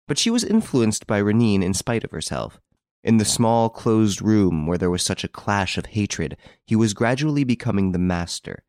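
A man narrating a classic novel as an audiobook, in measured, expressive storytelling. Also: on the low side, dry recording, clean studio sound.

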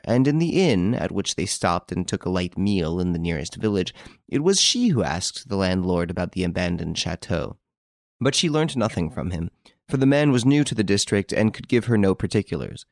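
A man narrating a novel aloud in an expressive, varied storytelling manner. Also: sits low, a little fast, gravelly, dry recording, clean studio sound. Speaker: audiobook narrator. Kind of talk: scripted narration.

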